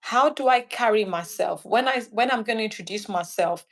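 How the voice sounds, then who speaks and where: A woman's voice: mid-range voice, moderate pace. A woman from Nigeria, a guest in an interview chat, talking animatedly and acting out little scenes. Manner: animated, acts out little scenes in quoted voices.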